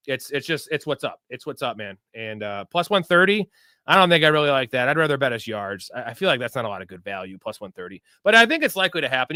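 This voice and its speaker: A man's voice: a little high, pushed and bright, no echo, clean studio sound. Hyped, profane young man hosting a livestream. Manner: loose, profane, hyped-up bro talk. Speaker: host of a live sports betting and fantasy show. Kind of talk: casual livestream chat answering viewer questions.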